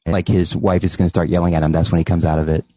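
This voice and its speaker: A man's voice: low-pitched, flat delivery, racing, mellow. A man co-hosting a podcast, dropping dry, understated remarks in casual chat. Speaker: podcast co-host.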